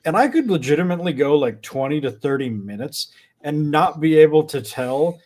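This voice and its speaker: Man, slightly high voice, casual book talk, repetitive recaps. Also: expressive, normal speed, darkish tone.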